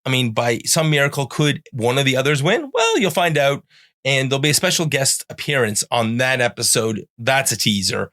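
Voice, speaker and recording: A middle-aged man from Canada hosts a relaxed podcast, his voice sitting at an ordinary middle pitch. He rambles loosely through the rundown and the show plugs and jokes with his guest. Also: moderate pace. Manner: rambling plugs, playful sound-effect buzzers. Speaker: podcast host. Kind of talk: casual podcast chat.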